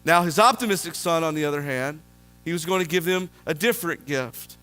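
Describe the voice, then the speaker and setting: A man's voice: a little high, brisk, pushed and bright, clear, resonant tone, soft background music. A man preaching a sermon in church, telling a story and asking the congregation questions. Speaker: pastor.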